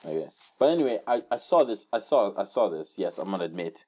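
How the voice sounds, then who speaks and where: A young man chats casually with friends on a podcast. He has a lowish voice with very lively pitch and tells stories animatedly, often acting out screams and voices. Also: quick pace. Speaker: podcast co-host. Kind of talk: casual chat.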